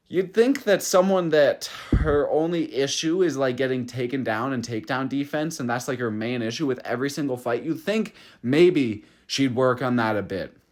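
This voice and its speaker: A young man hosting a casual fight recap, talking in a profane, excitable rant with many restarts. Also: medium pitch. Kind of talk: casual solo recap vlog.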